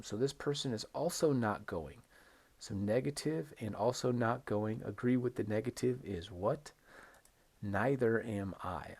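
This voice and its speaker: A man teaching an English lesson on video, modeling intonation slowly and emphatically and checking in with "right?" between examples. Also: lowish voice, vocal fry, darkish tone, husky. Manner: repeats words for stress, frequent "right?" checks. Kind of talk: recorded online lesson.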